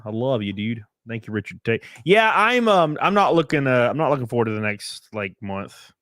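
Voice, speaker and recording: A man's voice: medium pitch, fairly bright tone, no echo, clean studio sound. A young man, chatting live on a stream and reading viewer comments in a blunt, profane, rambling way full of fillers. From American South.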